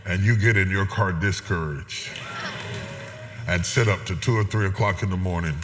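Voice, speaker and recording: A middle-aged man preaching a sermon as a guest bishop, swinging from loud, emphatic preaching to hushed, intimate asides, with an amen responder. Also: deep voice, moderate pace, faint music behind. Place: large church auditorium. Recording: long reverb of a large hall.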